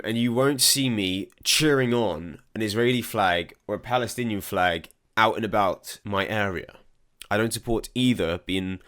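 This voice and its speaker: A young man from England hosts a commentary channel, reading out viewer comments and replying haltingly, often repeating words at the start of his sentences. His voice is on the low side and a bit bright. His accent is English with a slight American and European mix.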